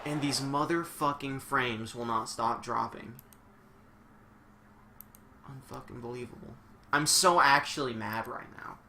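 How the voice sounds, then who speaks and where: A young man commentating a wrestling video game on a live stream, excitable and swearing a lot, shouting one moment and muttering the next. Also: medium pitch, a little slow, long pauses, slight background noise.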